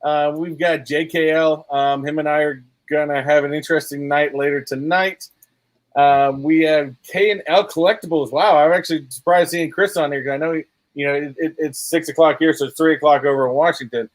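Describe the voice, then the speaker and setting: A man's voice: on the high side, fairly even intonation, brisk, no echo. Chatty man hosting a livestream. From Boston. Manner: rambling shout-outs, filler-heavy. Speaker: livestream host. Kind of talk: casual livestream chat.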